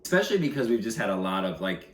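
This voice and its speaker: A man co-hosting a family vlog, talking in a relaxed, rambling way with casual slang and frequent restarts. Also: fairly low pitch, racing. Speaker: co-host, husband. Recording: echoey room with faint noise.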